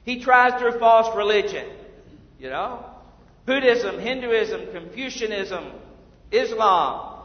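A man preaching a sermon as pastor, swinging between hushed and loud passages. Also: high voice, lively intonation, takes it slowly. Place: church sanctuary. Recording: echoey hall from far off, dull lo-fi.

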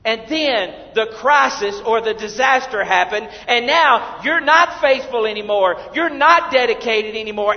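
A man preaching a fervent sermon as pastor of a church, swinging from shouted lines to hushed asides. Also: high voice, animated, unhurried. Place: church sanctuary. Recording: dull, lo-fi, with long hall reverb.

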